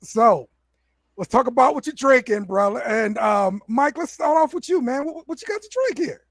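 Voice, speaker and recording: A man's voice: very high voice, expressive, moderate pace, dry recording. A man hosting a casual sports podcast in an easygoing way, stumbling and repeating words and calling people bro. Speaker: host.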